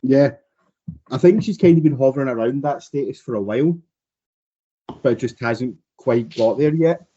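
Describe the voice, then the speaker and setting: A man with a mellow, dark voice adds brief agreeing remarks to a casual podcast chat. His audio sounds muffled and lo-fi, as though he is not close to the mic. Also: medium pitch, normal speed, long pauses, husky. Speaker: podcast co-host.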